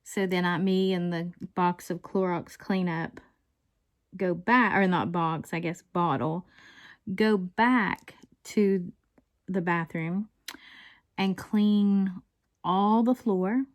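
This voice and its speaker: Slow-talking woman chatting while crafting. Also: lowish voice, steady tone. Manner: rambling storyteller, chuckles often. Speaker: diamond painting vlogger. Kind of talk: casual chat while crafting.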